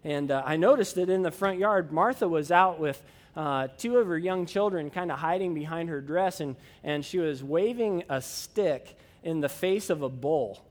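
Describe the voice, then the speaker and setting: A man's voice: on the high side, normal speed, big-room sound. A man pastor preaching a sermon and telling a personal story in a folksy way, with many fillers.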